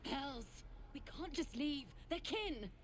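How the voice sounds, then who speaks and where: A woman's voice: high-pitched, animated, takes it slowly, a little hiss or hum. An actress playing a young compassionate woman who pleads insistently in video game dialogue. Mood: pleading.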